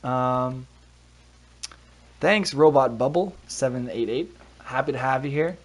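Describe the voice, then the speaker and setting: Chatty man live-streaming a hockey game. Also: mid-range voice. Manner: chatty, thinks aloud, quick reactions. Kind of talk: casual live-stream commentary. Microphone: desk mic with a cover.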